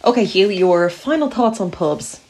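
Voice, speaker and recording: A woman's voice: medium pitch, lively intonation, moderate pace, a little mellow. A woman hosting a comedy podcast in casual chat, chatty and steering the talk, recorded over a remote call. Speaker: podcast host.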